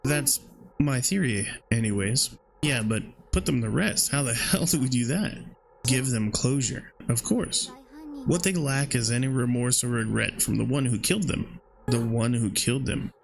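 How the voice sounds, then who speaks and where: A man's voice: medium pitch, normal speed, vocal fry, a little hiss or hum. A man playing a horror game and reading its dialogue aloud, with casual, slangy reactions in between. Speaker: gaming video creator.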